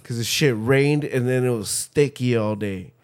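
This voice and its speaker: A man's voice: mid-range voice, normal speed, a little mellow, clean tone. A young man co-hosting a casual podcast, telling rambling, profane stories and acting out quotes. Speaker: podcast co-host.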